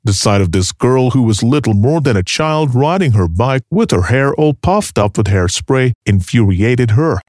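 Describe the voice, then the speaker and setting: A man narrates a grim true story, reading with drama and expression. His mid-pitched voice rises and falls a great deal, and his delivery sounds animated. The sound is dry and close to the mic, with no room echo. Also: normal speed, hardly any pauses.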